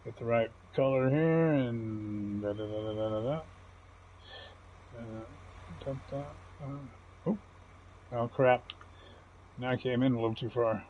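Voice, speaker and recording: A man's voice: medium pitch, slow pace, pauses often, muffled recording, slight background noise. A man giving casual, folksy commentary while playing a farming game, chatty and chuckling often. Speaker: gaming channel host.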